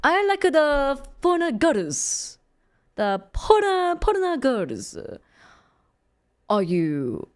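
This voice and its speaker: A woman's voice: sits high, darkish tone, full character voice. A woman doing a smarmy flirty guy, fake accent. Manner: smarmy pickup lines.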